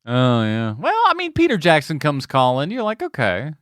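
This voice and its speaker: A man co-hosting a casual movie podcast, animated and quick to joke. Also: on the high side, smooth, no echo, clean studio sound. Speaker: podcast co-host. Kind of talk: casual chat.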